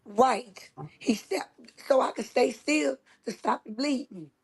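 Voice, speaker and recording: Husky high-pitched woman telling a story. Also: slow. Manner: emphatic, dramatic retelling with repeated phrases. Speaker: host. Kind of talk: casual storytelling chat.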